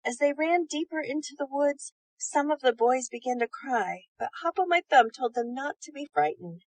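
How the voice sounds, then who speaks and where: A woman reading bedtime stories aloud in a gentle, soothing manner. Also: sits high, animated, normal speed, no room sound, low-quality recording. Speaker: storyteller.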